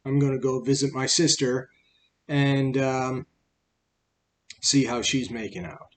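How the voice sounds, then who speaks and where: A man's voice: medium pitch, fairly even intonation, slow pace, close to an everyday voice. A man casually voicing a restless female spider in a retold fable, fretful and eager.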